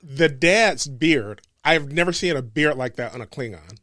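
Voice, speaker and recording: A man's voice: fairly high pitch, animated, moderate pace, bright, forceful tone, dry recording, clean studio sound. A man co-hosting a podcast in casual chat, speaking plainly and matter-of-factly. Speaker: podcast co-host.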